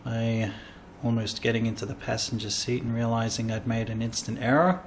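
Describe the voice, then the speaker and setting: A man's voice: medium pitch, fairly even intonation, brisk, slight background noise. An Australian man, a comedian hosting a casual podcast, rambling through travel stories and acting out quoted lines.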